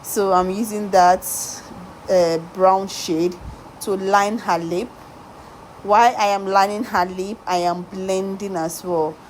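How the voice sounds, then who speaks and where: Woman makeup artist, tutorial voice-over: coaxing, repetitive, lots of "do you get?" asides, mid-pitched, faint room hum. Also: fairly even intonation, slow, rough recording. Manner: emphatic, repeats words and asks viewers rhetorical questions; talks directly to viewers, coaxing and reassuring.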